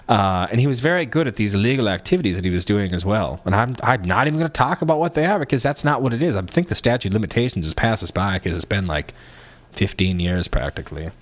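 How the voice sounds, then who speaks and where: A man's voice: fairly low pitch, expressive, fast talker. Young man telling a rambling comic story. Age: young adult. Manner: rambling, self-mocking, full of asides. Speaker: podcast host.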